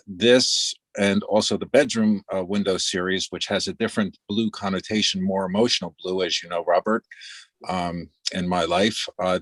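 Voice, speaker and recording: Low, dry-voiced male photographer. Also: no room sound. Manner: relaxed, reflective, with little laughs. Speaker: photographer in the exhibition. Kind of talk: casual video-call discussion.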